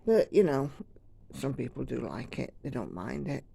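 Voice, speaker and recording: A woman's voice: very deep voice, very animated, moderate pace, gravelly, warm tone, breathy edge. A woman from the United Kingdom chatting casually and rambling while she stitches at home. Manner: chatty, rambling, self-deprecating. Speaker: cross-stitch vlogger.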